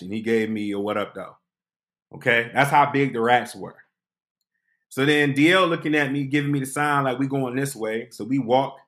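A man tells a funny story from his own life, animated and lively, leaning into each scene. His pitch sits mid-range, and he slips into voices for the people in it. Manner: animated, acts out voices and quotes. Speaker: podcast host. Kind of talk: comic storytelling.

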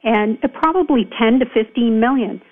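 A woman's voice: a little high, moderate pace, slightly rough. A woman county supervisor calling in to a radio show, speaking emphatically and with indignation, with frequent fillers. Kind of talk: radio call-in interview. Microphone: telephone. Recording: phone line.

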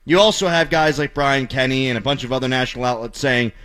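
A man's voice: mid-range voice, fast talker, a bit bright, smooth. A middle-aged man, hosting a sports talk show and ranting with sarcastic, opinionated commentary.

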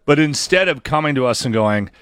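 A man hosting a casual morning radio show, chatty and animated, acting out what other people say. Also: mid-range voice, a little fast, clean tone, no room sound. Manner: chatty, animated, acts out quotes.

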